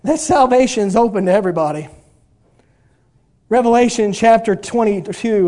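A man's voice: high voice, moderate pace, mellow. A man preaching a sermon as a pastor, impassioned, and reading scripture aloud. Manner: impassioned, preaching with rising and falling intensity; reads scripture in archaic King James wording.

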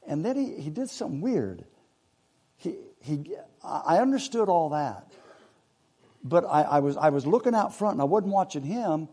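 A man's voice: on the high side, mellow. A man, telling a rambling hunting story in a casual, folksy way with laughs along the way.

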